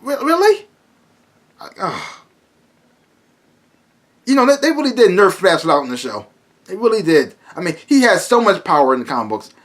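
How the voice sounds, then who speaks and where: A man's voice: sits high, sing-song, fast, a bit bright. A man casually reviewing a TV episode, rambling with many restarts and fillers and breaking into exasperated asides.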